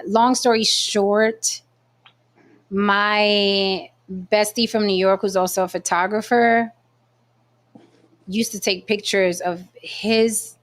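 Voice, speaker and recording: A woman hosting a casual chat show, telling a dating story in an animated way with plenty of swearing. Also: mid-range voice. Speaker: podcast host.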